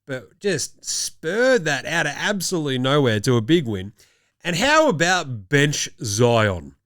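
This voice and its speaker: Australian host, young, jokey and chatty, higher voice, dry sound. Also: male voice, sing-song, measured pace, a bit bright, no room sound. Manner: jokey, rattling off stats. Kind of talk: casual chat.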